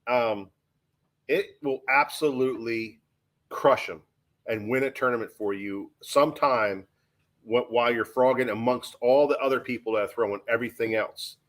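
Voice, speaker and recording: A man's voice: medium pitch, moderate pace, a bit bright. A man co-hosting a live fishing show, chatting casually in a rambling, repetitive way. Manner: rambling, repeats himself, joking. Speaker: co-host. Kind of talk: casual live-stream chat.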